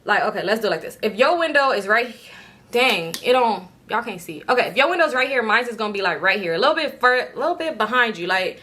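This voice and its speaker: Woman spilling a wild storytime, loud cussing, laughing, bright sharp voice a bit high. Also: fast. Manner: animated, profane and laughing. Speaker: storytime vlogger. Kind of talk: casual storytime.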